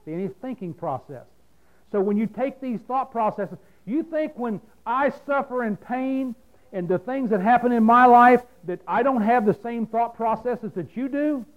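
A man's voice: very high voice, highs cut off. A man preaching a sermon in a folksy, plain-spoken way, asking his listeners questions and answering them himself.

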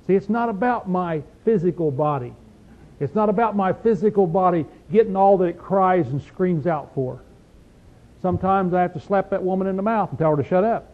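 Male Bible teacher, folksy and emphatic, slightly high voice, tinny lo-fi tape. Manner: folksy, emphatic, reads verses slowly then explains. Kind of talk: informal Bible study sermon.

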